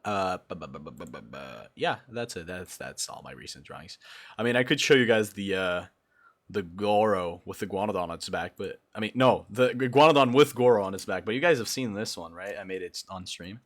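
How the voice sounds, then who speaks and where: A young Brazilian streamer chats casually and briskly on a livestream. He's excitable, jumping between loud outbursts and low mumbles.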